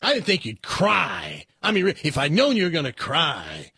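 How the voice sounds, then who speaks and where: A man voicing a burly adult male biker in a bar, gruff and blustering. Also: a little high, huge pitch swings, moderate pace, bright, forceful tone, dry recording, clean studio sound, pitched above the performer's own voice, exaggerated voice. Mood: exasperated.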